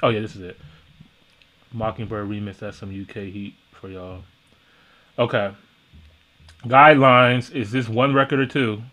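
A man hosting a casual music reaction, talking in an excited and profane way. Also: fairly low pitch, measured pace, pauses often. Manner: excited, profane hype talk.

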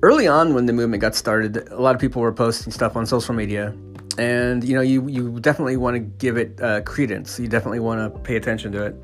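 A man's voice: medium pitch, fairly even intonation, fast talker, faint music behind. A man ranting casually as a podcast host, swearing and stumbling over restarts and fillers. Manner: profane, stammering restarts and fillers. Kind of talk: casual opinion rant.

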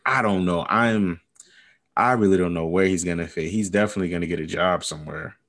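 A man with a deep, low voice co-hosts a relaxed podcast chat. He speaks in an easygoing, slightly hesitant way, with plenty of fillers. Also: a little fast. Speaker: podcast co-host. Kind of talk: casual fantasy football chat.

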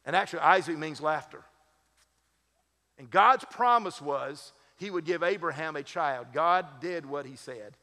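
A male pastor with a slightly higher voice preaches in a loose, conversational way, mixing humorous asides into his teaching. His voice carries a long reverb from a church sanctuary. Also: expressive, unhurried, sharp tone. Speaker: lead pastor. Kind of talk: sermon.

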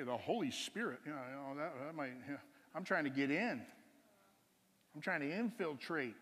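A man's voice: fairly high pitch, a bit bright, big-room sound. A man preaching, telling a personal testimony story in a rambling, chuckling way with many restarts.

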